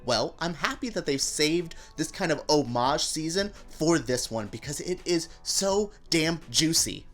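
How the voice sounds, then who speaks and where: A woman's voice: low-pitched, a little slow, hardly any pauses. A woman hosting a casual TV review vlog, gossipy and campy in manner. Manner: animated, gossipy and campy, with playful voices for quotes. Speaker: TV review show host.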